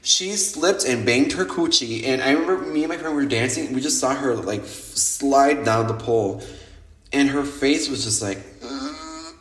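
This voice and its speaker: A man hosting a podcast, telling nightlife stories in a lively, casual monologue that is full of swearing, and acting out what other people said. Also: medium pitch, moderate pace. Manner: animated, swears freely, acts out quoted people. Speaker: podcast host. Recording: roomy echo.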